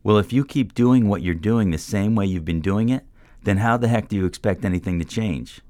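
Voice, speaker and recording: A man doing a forceful older mentor. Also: lowish voice, fairly quick, dry recording, pitched above the performer's own voice, natural voice. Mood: pressing, forceful. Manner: pressing, drilling questions.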